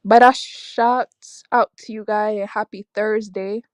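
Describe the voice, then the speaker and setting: A young woman hosting a casual livestream, reacting aloud to her chat with lively, exclamatory talk. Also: mid-range voice, unhurried, dry recording. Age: young adult. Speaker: livestream host reading chat. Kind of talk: casual live-stream chat.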